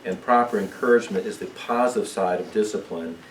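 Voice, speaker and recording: A man with a very low voice teaches a church parenting seminar, calm and explanatory. He sounds distant from the microphone, in a room full of echo. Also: brisk, slight background noise. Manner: calm, explanatory, asks "okay?" often. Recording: echoey room, mic far off.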